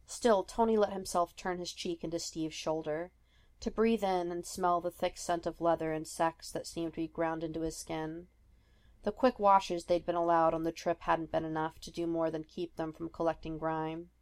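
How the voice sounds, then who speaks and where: Lady reading a fanfic podcast, steady and measured, voice on the low side. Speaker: podfic reader. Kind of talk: reading fiction aloud.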